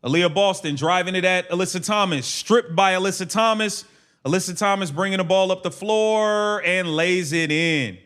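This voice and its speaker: A man's voice: high-pitched, a bit bright, smooth. A man calling a game play by play on a livestream in clipped bursts, brashly mocking players and swearing. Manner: rapid clipped play calls. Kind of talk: casual play-by-play commentary.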